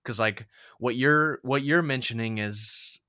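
A young man co-hosts a podcast in a loose, chatty way, full of "like" and false starts. His voice is bright and forward. The sound is dry and close, with little room around it. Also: medium pitch, unhurried, no room sound. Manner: chatty, many fillers and restarts. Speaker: podcast co-host. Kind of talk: casual chat.

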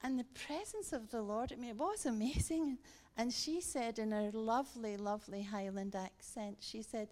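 Animated woman preaching, fairly high voice. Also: moderate pace. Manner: animated, laughing, rising to emphatic repetition. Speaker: guest speaker. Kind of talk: sermon storytelling.

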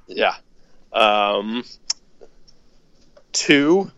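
St dude rambling on a podcast, swears a lot, dry dull-sounding mic. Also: male voice, fairly low pitch, expressive, very slow, fairly bright tone, no room sound. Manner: loose and profane, lots of fillers. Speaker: podcast co-host. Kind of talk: casual chat.

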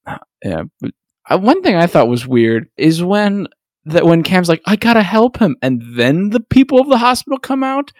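A man co-hosting a podcast, telling stories in relaxed casual chat with many fillers. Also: high voice, moderate pace, dry recording, studio quality. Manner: relaxed, storytelling, hesitant fillers. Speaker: podcast co-host.

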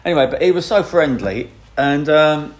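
A man, a photographer, telling a rambling, animated anecdote with frequent laughs. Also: fairly high pitch, normal speed. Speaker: photographer guest. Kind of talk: anecdote in casual chat.

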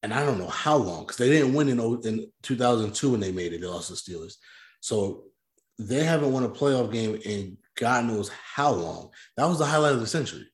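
A man co-hosts a casual sports podcast and argues his points at length. His voice sits at a middle pitch and carries a roomy echo. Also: lively intonation, brisk. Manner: argumentative, explains at length. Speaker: podcast co-host.

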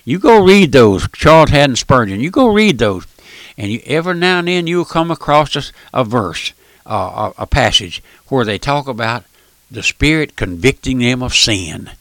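Older guy preaching on the radio, bright voice swinging up and down, super dry sound. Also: mid-range voice, sing-song, moderate pace, no room sound. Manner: fiery, emphatic preaching with folksy expressions. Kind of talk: radio sermon.

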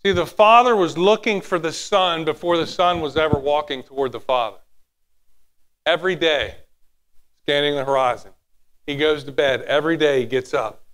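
A man preaching a sermon, animated, sometimes dropping to a hushed tone and acting out little quotes. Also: a little high, moderate pace, clear, resonant tone. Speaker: pastor.

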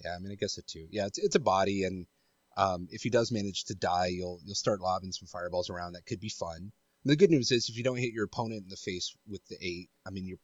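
A man's voice: deep voice, fast talker, no echo, highs cut off. A man with a cold co-hosting a podcast, giving hedged, thoughtful analysis in casual chat. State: has a cold. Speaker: podcast co-host.

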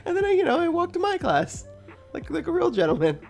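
Very high-pitched and fast, this young woman's podcast storytelling is loose and animated, packed with curses and laughter. Soft music plays in the background.

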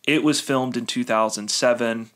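A man's voice: medium pitch, fairly even intonation, moderate pace, fairly bright tone. A young man hosting a casual podcast chat, joking, laughing often, talking in a loose, rambling way. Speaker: podcast host.

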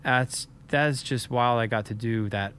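A man co-hosting a podcast, telling a story in an earnest, reflective way, often halting and repeating his words. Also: medium pitch, a bit bright, a little hiss or hum. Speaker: podcast co-host.

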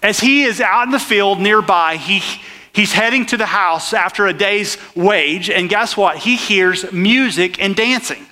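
Bright-voiced man preaching conversationally. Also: high-pitched, a little slow, big-room sound. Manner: conversational, questions the crowd directly. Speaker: pastor. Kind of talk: sermon.

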